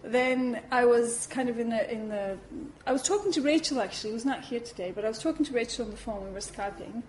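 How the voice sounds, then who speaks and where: Woman at a buddhist centre telling her story, animated, keeps saying "you know", voice a bit high. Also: fast, a little hiss or hum, poor audio. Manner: lively, acts out her own reactions, many "you know"s. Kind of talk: personal storytelling talk.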